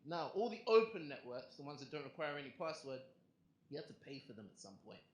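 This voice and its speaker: On stage at a club, a young adult comic with an English accent works the audience with brisk, very animated, punchy banter in a mid-range voice. The recording has its highs cut off and slight background noise, plus the echo of the room and the crowd's laughter.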